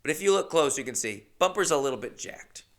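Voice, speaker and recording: A man hosting a podcast, telling a comedic story in a rambling, animated way and acting out the quotes. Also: on the high side, fast. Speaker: podcast host.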